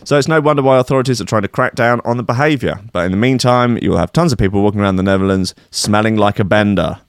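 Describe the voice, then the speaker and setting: Man, low voice, sarcastic news commentary, deadpan mock outrage, dry close mic. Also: quick pace, clean tone, no echo.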